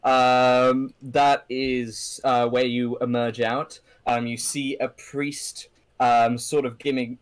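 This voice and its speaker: A man narrating as game master of a tabletop game, halting and full of ums and restarts. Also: mid-range voice, no room sound.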